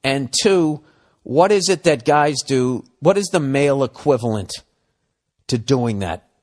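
A man's voice: mid-range voice, lively intonation, measured pace, darkish tone. A man hosting a podcast, ranting in a profane, exasperated comedic style and acting out both sides of arguments. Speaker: podcast host. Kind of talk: comedic rant.

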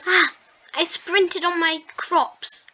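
A woman's voice: very high voice, steady tone, takes it slowly, bright, forceful tone. A woman hosting a gaming video, chatting casually and rambling with self-mocking asides while she plays. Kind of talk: casual gameplay commentary.

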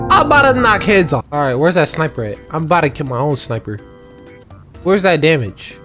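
Excitable gamer, whooping and trash-talking, gameplay commentary, swooping lively pitch, faint game music behind. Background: faint game music and gunfire.

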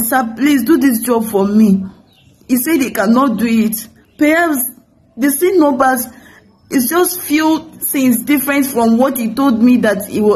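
A woman's voice: fairly high pitch, warm tone, poor audio. A young woman with a Nigerian English accent, a film producer, tearfully pleading into the camera, repeating herself as she begs. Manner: pleading, repetitive, breaking into tears. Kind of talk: emotional direct-to-camera appeal.

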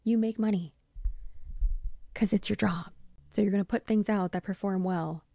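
A young adult woman hosting a commentary vlog, answering criticism in a measured, pointed way. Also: mid-range voice, steady tone, gravelly, mellow, dry recording. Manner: measured, pointed rebuttal with occasional dry laughs. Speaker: YouTube commentary host.

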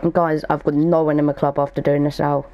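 A man's voice: fairly high pitch, level tone, quick pace, dull audio. A young man giving casual gaming commentary as a YouTuber, thinking aloud as he goes. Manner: chatty, thinks aloud while opening packs.

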